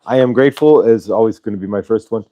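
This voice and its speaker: A man's voice: lowish voice, quick pace, no room sound, highs cut off. A man hosting a casual spiritual livestream, talking loosely and reading out viewers' chat messages. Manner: relaxed, rambling, reads chat aloud. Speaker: host.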